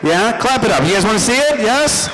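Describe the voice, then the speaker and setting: Animated young man on a hall stage. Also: high voice, fairly quick, noisy background. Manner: animated storytelling, addresses the crowd. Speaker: stand-up comedian. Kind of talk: stand-up comedy set. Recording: live hall with long reverb.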